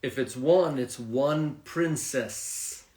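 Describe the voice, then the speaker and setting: Man, medium pitch, unhurried, calm, says words clearly, roomy echo. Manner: calm, steady, says each word clearly on request. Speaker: co-host introducing vocabulary. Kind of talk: casual lesson, reading word list.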